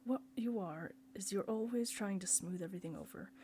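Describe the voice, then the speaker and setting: Woman voicing a contemptuous middle-aged surgeon, accusing tone, mellow voice. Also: medium pitch, fairly quick, slight background noise, natural voice. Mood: scornful. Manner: accusing, lecturing. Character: scornful middle-aged male surgeon brother.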